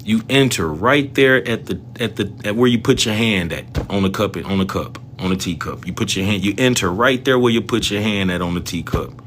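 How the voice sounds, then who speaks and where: Animated slangy man hosting a trading livestream. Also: lowish voice, normal speed, few pauses, slight background noise. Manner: animated, slangy, talks straight to viewers. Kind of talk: casual livestream chat about stock trading.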